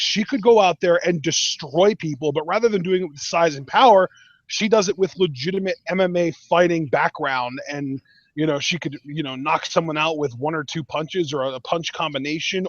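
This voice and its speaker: On a casual wrestling review podcast, this co-host gives forceful, opinionated takes with frequent restarts. His voice is fairly high, and the dull lo-fi recording has no room sound.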